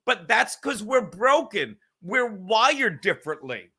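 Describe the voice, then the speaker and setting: Male podcast host, New York accent, lively storyteller; high, bright tone. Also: slightly rough. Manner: animated storyteller, swearing, quick asides. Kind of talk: casual chat.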